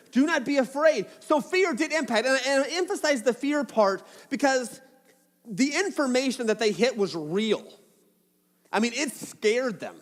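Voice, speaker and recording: High-voiced pastor preaching in a reverberant hall. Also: male voice. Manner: casual, playful storytelling with acted asides. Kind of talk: sermon.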